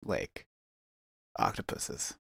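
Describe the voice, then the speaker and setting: A man riffing through improvised comedy banter on a podcast. He rambles and lets his sentences sink into quiet mumbles. The sound is dry and close, with no room echo. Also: drawn-out words. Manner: rambling, mumbly, trailing off into low murmurs.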